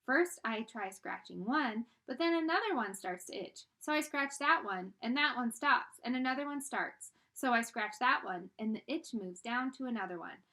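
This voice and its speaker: A woman doing a whiny little schoolgirl from a children's storybook. She complains and pleads in a high, bright voice that rises and falls a lot. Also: animated, moderate pace, hardly any pauses. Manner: whining.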